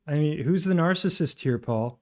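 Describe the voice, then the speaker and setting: A man's voice: a little high, lively intonation, moderate pace, a little mellow. A man streaming, commenting on a played clip with sarcastic, indignant rebuttals.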